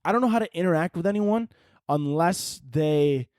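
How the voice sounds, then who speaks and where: A man's voice: on the high side, moderate pace, smooth, no room sound, clean studio sound. A young man hosting a podcast, ranting casually with lots of swearing and restarts. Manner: profane, animated, rambling with restarts. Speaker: podcast host. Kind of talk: casual rant.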